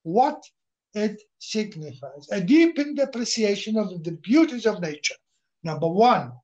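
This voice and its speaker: In a dull, lo-fi recording, a man lectures a literature class in a high, darkish voice that swings widely in pitch and never hurries. He repeats himself, poses questions only to answer them, and briefly switches into a few words of Arabic.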